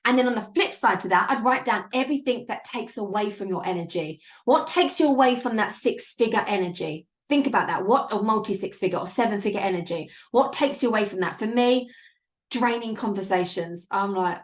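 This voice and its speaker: A bubbly woman hosts a live coaching show and talks with gushing emphasis. Her voice sits at a middle pitch. It rings with a roomy echo. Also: brisk. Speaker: business coach and show host.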